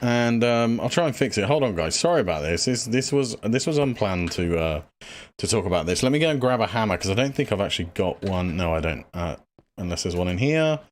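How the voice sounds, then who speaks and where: A man's voice: lowish voice, animated, brisk. Rambling, breathless man streaming a game. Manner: rambling, lots of fillers, thinks aloud. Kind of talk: casual gameplay livestream chat.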